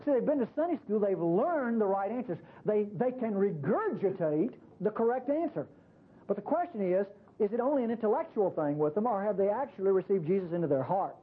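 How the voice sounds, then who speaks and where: A man preaching a sermon in a conversational, animated way, often saying "see" to the listeners. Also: high voice, fairly quick, slightly rough. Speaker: pastor. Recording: tinny phone-like radio broadcast.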